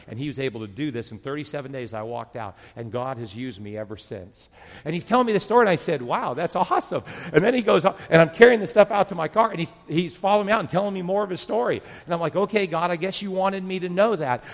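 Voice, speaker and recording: A middle-aged male pastor telling stories in a sermon, animated and excited, often restarting his sentences. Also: fairly high pitch. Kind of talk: storytelling sermon. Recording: long reverb of a large hall.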